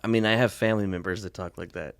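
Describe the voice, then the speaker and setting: A man's voice: low voice, fairly even intonation, fast, clean tone, no echo, clean studio sound. A man co-hosting a podcast, chatting casually, joking and swearing freely. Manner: joking, swears freely, puts on silly accents. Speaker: podcast co-host. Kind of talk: casual chat.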